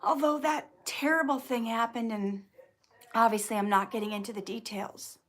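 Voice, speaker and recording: A woman hosting a casual livestream, clearing her throat often and restarting her sentences as she tells a personal story, sounding teary. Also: a little high, fairly even intonation, moderate pace, fairly bright tone. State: teary, emotional. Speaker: YouTube channel host answering viewer questions.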